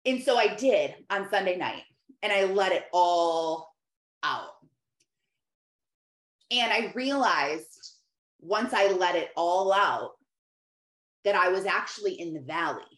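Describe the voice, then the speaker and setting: A woman's voice: on the low side, takes it slowly, pauses often. A woman talking candidly and conversationally, telling personal stories in a reflective monologue. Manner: candid, conversational, animated storytelling. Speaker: faith and lifestyle speaker. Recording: echoey room.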